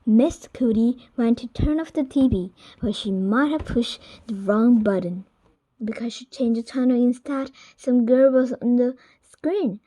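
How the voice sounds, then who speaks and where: A woman's voice: fairly high pitch, unhurried, dark tone, poor audio. A woman reading a children's chapter book aloud, carefully, stumbling and restarting words. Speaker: storybook reader.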